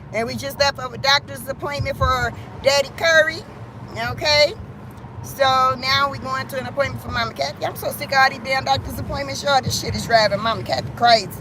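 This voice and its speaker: Speaking in a high, fairly bright voice, a middle-aged woman from Cleveland, Ohio, livestreams from inside her car on a phone. She chats casually with viewers, curses freely, and laughs often, with car and wind noise in the background.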